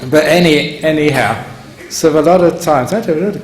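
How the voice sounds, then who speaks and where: A monk with a slightly high voice gives a Dharma talk at a normal speed, telling stories with chuckles and frequent digressions. It was recorded in a roomy meditation hall with a faint hum.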